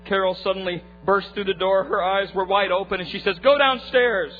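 Man preaching, very high voice, muffled lo-fi sound, hushed to fervent. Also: completely flat delivery, fairly quick, faint music behind. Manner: acts out voices in his story, swings from hushed to fervent. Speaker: pastor. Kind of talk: sermon with a retold story. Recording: muffled lo-fi recording with faint hum.

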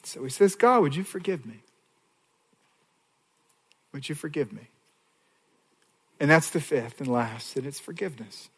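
A male pastor delivering a sermon, moving between hushed pleading and raised, emphatic preaching. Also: fairly high pitch, expressive, fairly quick, hardly any pauses, husky. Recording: long hall reverb.

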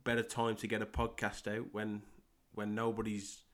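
A young English man with a West Midlands accent hosts his own soccer podcast alone. His voice sits low and stays fairly flat. He talks haltingly, repeating words and filling pauses as he goes. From England. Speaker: podcast host and soccer coach. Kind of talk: solo podcast monologue.

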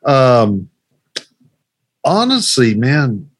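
A man's voice: medium pitch, big pitch swings, drawn-out words, a little hiss or hum. Casual man co-hosting a podcast. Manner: rambling, filler-heavy list reading. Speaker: podcast co-host. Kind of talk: casual podcast chat about movies.

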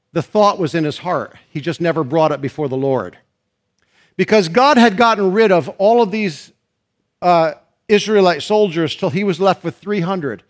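A pastor preaching a sermon and reading scripture, slowing and rising on stressed phrases. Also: male voice, high voice.

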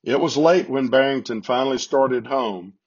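A man reads a children's Christmas story aloud in a steady, gentle way. His voice is husky and sits at a middle pitch. The recording has a slightly dull, lo-fi sound. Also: moderate pace.

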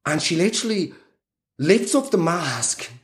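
A man's voice: a little high, very animated, unhurried. A young man telling a rambling, self-deprecating comic story in casual chat, full of fillers.

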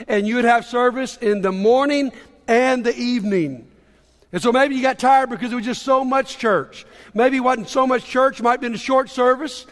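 A male pastor with a strikingly high voice preaches to his congregation in a conversational way, dropping joking asides between readings. His words ring out with a long reverb from the church auditorium around him. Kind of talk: sermon.

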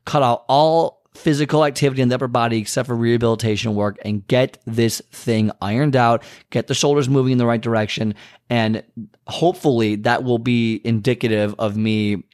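A man's voice: mid-range voice, fairly even intonation, fairly quick, darkish tone, no room sound, clean studio sound. A man hosting a podcast, talking frankly and animatedly in a casual monologue, venting his frustration with lots of restarts. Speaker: podcast host.

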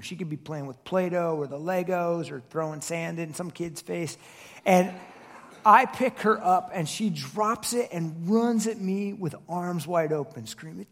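Male pastor, 30s, high gravelly voice, chatty sermon style with rhetorical questions. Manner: conversational, with repeated restarts and rhetorical questions.

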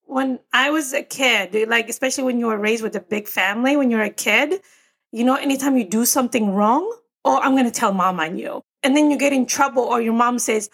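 A woman's voice: a little high, fairly quick. Earnest woman therapist chatting about feelings. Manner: earnest, reflective, talks through her anxieties. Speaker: podcast co-host. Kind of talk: casual chat.

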